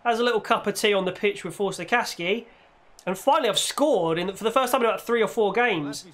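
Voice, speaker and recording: Male gaming creator with a high voice, lively commentary that breaks into shouts. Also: fairly quick. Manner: reacts loudly, shouts at goals and the referee. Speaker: gaming YouTuber. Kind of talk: excitable gameplay commentary.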